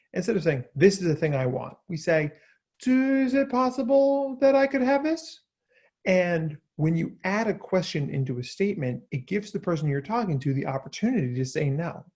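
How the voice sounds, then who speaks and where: A man's voice: a little high, a little mellow. A man in his thirties reading his parenting blog post aloud, earnest and self-deprecating, often acting out the things people say. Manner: earnest and self-deprecating, acts out quoted requests. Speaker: parenting advice speaker.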